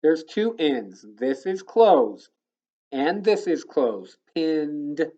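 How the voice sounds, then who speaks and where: A male elementary school teacher giving a recorded phonics lesson to children, patiently explaining step by step and sounding words out slowly. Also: a little high, big pitch swings, mellow, highs cut off.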